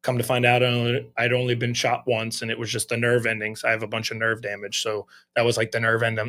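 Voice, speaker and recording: This middle-aged man, a sheriff's lieutenant, talks fast in a mid-range voice that's completely flat yet pushed and bright. He's candid in a casual interview, retelling events through his quoted inner thoughts.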